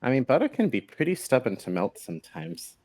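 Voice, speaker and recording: A man's voice: medium pitch, wildly swooping pitch, a little fast, a little mellow. A man hosting a casual gaming stream, joking around and laughing often with friends. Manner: giggly and joking. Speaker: streamer host.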